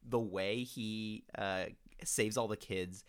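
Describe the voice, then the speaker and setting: Low-voiced man chatting excitedly about a film. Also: slow pace, clean tone. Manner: enthusiastic, rambling with frequent restarts and laughs. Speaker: co-host reviewing a film. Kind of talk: casual chat.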